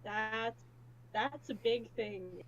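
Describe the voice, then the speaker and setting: A woman's voice: on the high side, drawn-out words, a bit bright, dull audio, slight background noise. A woman playing in a tabletop vampire game, unsure and giggly. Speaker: player. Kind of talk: tabletop role-play chat.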